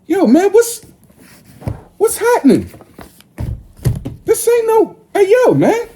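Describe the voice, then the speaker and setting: A man's voice: very high-pitched, huge pitch swings, slow, mellow, slight background noise. A man in his forties delivering a confrontational, preachy monologue to his viewers, profane and scolding. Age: 40s. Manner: scolding, lecturing tone.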